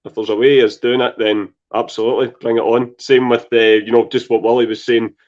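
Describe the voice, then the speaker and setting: A man co-hosting a football podcast, talking in a measured, analytical way, recorded on dull lo-fi audio. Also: mid-range voice, little pitch movement, darkish tone. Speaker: podcast co-host. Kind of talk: casual football chat.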